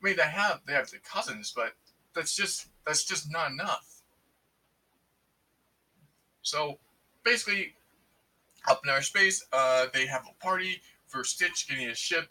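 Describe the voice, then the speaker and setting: A man excitedly recapping a movie in casual, rambling speech full of fillers and restarts. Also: a little high, measured pace, long pauses, distant mic, poor audio. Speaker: movie reviewer.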